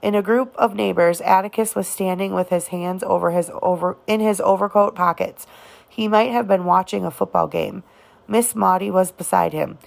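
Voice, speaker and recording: A woman reading a novel aloud as audiobook narration, in a measured, unhurried manner. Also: medium pitch, fairly even intonation, vocal fry. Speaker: reader.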